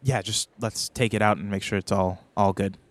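A man's voice: on the low side, steady tone, moderate pace, no echo. Hesitant man narrating a tabletop game. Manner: hesitant, many ums and restarts. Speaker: game master.

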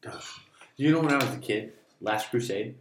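A man co-hosting a casual podcast, joking and swearing in a loose, animated way. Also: mid-range voice, normal speed. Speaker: podcast co-host. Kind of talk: casual chat. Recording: echoey room with faint noise.

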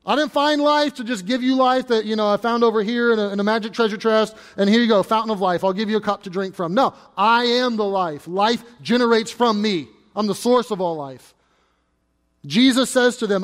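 Pastor guy preaching, high voice, chatty and punchy, lots of echo from the hall. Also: moderate pace. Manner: conversational, emphatic preaching with repetitions. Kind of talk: sermon.

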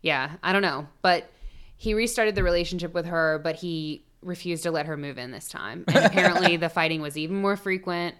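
A woman's voice: fairly low pitch, brisk, fairly bright tone, clean tone. A woman co-hosting a podcast, recounting a true-crime case in casual chat, swearing freely and adding jokey asides. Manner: chatty, swearing, storytelling with asides. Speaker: podcast co-host.

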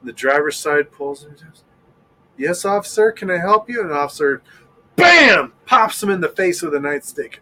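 A man co-hosting a podcast, telling jokes in a playful, animated casual chat. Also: sits high, normal speed, rough recording. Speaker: podcast co-host.

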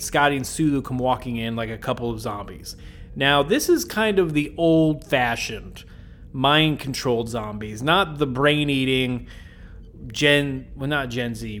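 Recapping an episode on his podcast, this man keeps it jokey and loose, drifting into asides and chuckling along the way. His voice is medium-pitched and fairly bright, with slight background noise.

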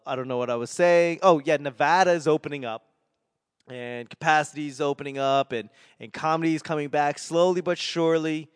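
A man's voice: medium pitch, smooth, no echo, studio quality. A man in his forties from Boston with a faint Boston accent, rambling through a solo podcast monologue in a self-deprecating, sarcastic way. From Boston, New England. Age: 40s. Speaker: comedian and podcast host.

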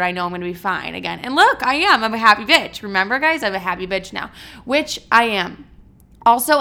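Bright-voiced young woman rambling on a podcast. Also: medium pitch. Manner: rambling, chatty, swears often; stumbles over her words. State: highly caffeinated. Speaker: podcast host. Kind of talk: casual solo podcast chat.

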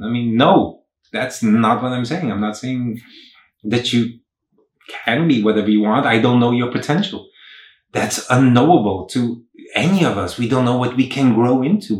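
A young man hosting a casual motivational talk, earnest and rambling, often poking fun at himself. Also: medium pitch. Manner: rambling, earnest, self-mocking. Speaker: host. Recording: roomy echo.

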